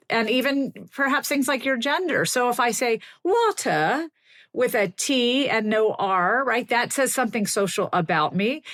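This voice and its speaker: A middle-aged woman linguist, a guest on a podcast, explaining ideas in an animated way and laughing often. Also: a little high.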